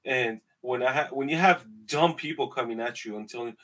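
Husky Iranian-accented man, animated. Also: medium pitch, a little fast, few pauses, low-quality recording. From Iran. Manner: animated, emphatic storytelling. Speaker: podcast guest. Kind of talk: casual conversation.

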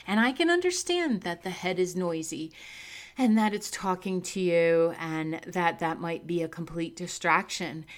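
A middle-aged woman giving a reflective spiritual talk, earnest and open, laughing easily and leaning hard on key words. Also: lowish voice. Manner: earnest and warm, laughs easily, lively emphasis. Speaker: spiritual speaker.

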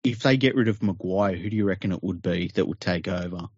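Husky low-voiced man. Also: quick pace, a little mellow, no echo. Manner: questioning, enthusiastic. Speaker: podcast co-host. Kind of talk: casual chat. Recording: dull lo-fi audio.

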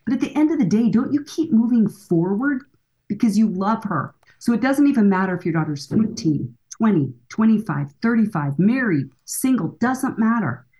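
A woman's voice: medium pitch, expressive, normal speed, mellow. A woman in her sixties, a counselor and author, speaking earnestly and emphatically as a guest in a podcast interview. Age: 60s.

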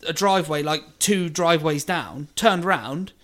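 A man's voice: on the high side, measured pace, a bit bright. A man, a podcast co-host, telling a sweary road story in casual chat and acting out both sides of the argument. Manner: swearing anecdote teller, acts out both sides of a row.

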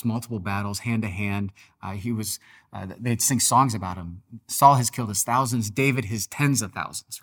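A man preaching a devotional sermon on a podcast, talking earnestly and conversationally, sometimes reading with dramatic emphasis. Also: fairly low pitch. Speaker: pastor.

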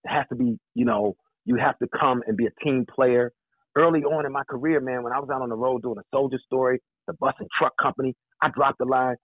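A man, an actor and guest, joking and telling animated stories in a casual interview. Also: mid-range voice, fast, dry recording. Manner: animated, joking, laughs often. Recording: phone-line sound.

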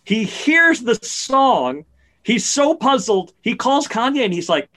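A man in casual podcast chat, telling a story in an animated, excited way. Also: extremely high pitch, takes it slowly.

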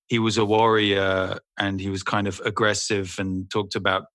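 A man's voice: fairly low pitch, flat delivery, normal speed, fairly bright tone, no room sound. A male actor guest who chats in a rambling, self-deprecating way and laughs easily. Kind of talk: casual interview chat.

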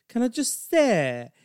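A man's voice: extremely high pitch, darkish tone, dry recording, clean studio sound, voice pushed up, exaggerated voice. A man doing a gushing, pushy Yorkshire woman. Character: brash tipsy middle-aged woman in a gay bar.

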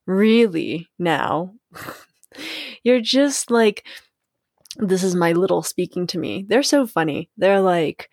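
Playful, giggly woman with a lowish voice. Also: expressive, takes it slowly, long pauses, darkish tone, no echo, studio quality. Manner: playful and giggly, with many likes and you knows. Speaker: podcast host. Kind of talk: casual solo podcast monologue.

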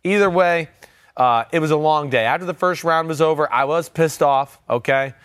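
A man's voice: fairly high pitch, normal speed, a bit bright, clean tone, no echo. Brief: man in his 40s, interview guest, storyteller voice, dead dry studio sound. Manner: storytelling, acts out quotes from others. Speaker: former NFL quarterback, guest. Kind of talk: casual interview talk.

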